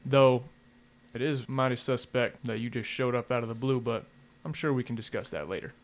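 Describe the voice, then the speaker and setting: A man's voice: mid-range voice, fairly quick. A man playing a tabletop western game, describing his character's actions and speaking his lines in an easygoing drawl. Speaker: player. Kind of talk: tabletop role-play, narration and in-character lines.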